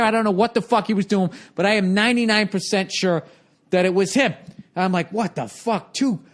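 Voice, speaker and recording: A man in his forties with a Boston accent, telling a profane, exasperated story in a ranting monologue. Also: sits high. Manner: profane, exasperated storytelling, jumps into loud mock voices. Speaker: podcast host.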